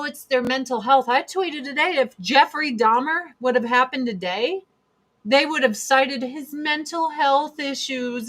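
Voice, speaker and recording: A woman's voice: sits high, fairly bright tone. A woman hosting a casual monologue chat, blunt and emphatic, repeating her points for force. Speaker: host.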